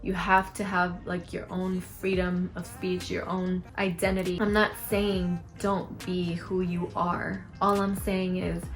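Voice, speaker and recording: A woman's voice: on the low side, measured pace, hardly any pauses, faint music behind. A young woman vlogger talking frankly to camera, giving advice and acting out lines of dialogue. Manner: frank, animated, acts out quoted lines.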